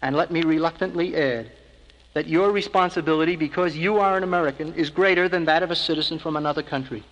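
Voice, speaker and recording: A man with a fairly high voice delivers scripted filmstrip narration in a measured, earnest tone, pressing his case steadily. The sound is an old 1970s filmstrip track with a long hall reverb trailing each phrase. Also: fairly bright tone. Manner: measured, earnest persuasive address. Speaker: organization spokesman narrating a filmstrip.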